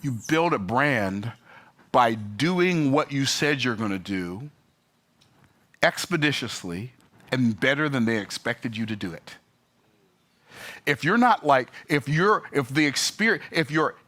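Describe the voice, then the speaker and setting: Man for a vlog rant: emphatic, sarcastic, bright forceful tone. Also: mid-range voice, lively intonation, unhurried. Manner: exasperated, emphatic, sarcastic asides. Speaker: business vlogger. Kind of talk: animated storytelling rant.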